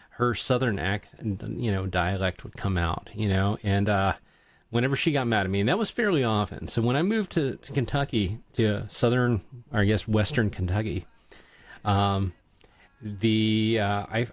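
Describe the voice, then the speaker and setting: A middle-aged man from central Ohio speaks with a Midwestern Ohio accent in a relaxed podcast conversation. He tells stories easily, tripping over his first words now and then. The recording is dry and close, with no room sound. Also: fairly low pitch, no room sound. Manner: storytelling, repeats words when starting. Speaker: guest. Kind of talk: casual chat.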